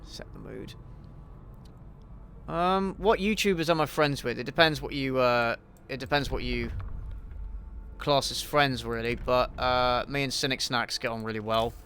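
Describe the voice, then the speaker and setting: A man's voice: mid-range voice, normal speed, bright, forceful tone, a little hiss or hum. A man hosting a casual livestream Q&A while playing a game, blunt and sweary, with frequent ums and restarts. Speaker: YouTube channel host answering viewer questions.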